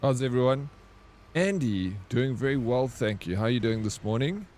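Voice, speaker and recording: A man's voice: medium pitch, expressive, moderate pace, darkish tone. A man streaming a game who reads out viewer messages and answers them in playful, teasing banter. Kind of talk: livestream chat with viewers.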